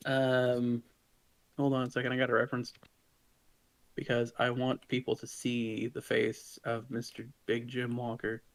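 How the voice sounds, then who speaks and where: A man's voice: mid-range voice, monotone, a little slow. A man narrating a tabletop game as game master in a casual, hesitant way, with lots of filler words.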